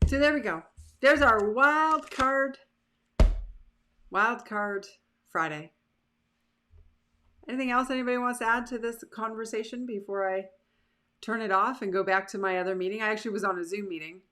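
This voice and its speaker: A woman's voice: medium pitch, fairly even intonation, fast talker, fairly bright tone. A woman hosting a live motivational show, talking casually and with animation to her online audience. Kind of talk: casual live-stream talk.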